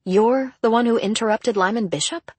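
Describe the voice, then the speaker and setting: A woman's voice: on the high side, normal speed, darkish tone, breathy edge, no room sound, pitched above the performer's own voice. A woman voicing a polite, guarded young woman visiting her sister in an audiobook.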